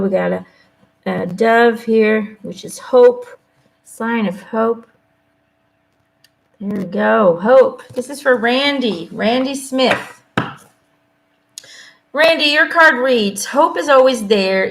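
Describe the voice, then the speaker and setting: A woman doing a live angel card reading, speaking gently and reassuringly and often checking in with "okay?" and "you know?". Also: a little high, takes it slowly, creaky, pauses often. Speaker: intuitive angel card reader. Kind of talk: live card reading, casual spoken guidance.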